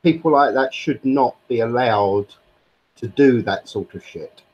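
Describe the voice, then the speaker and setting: A man's voice: mid-range voice, unhurried, a little mellow, slightly rough. Supportive man on dull voice chat. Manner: agreeable, supportive, casual swearing. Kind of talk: casual chat.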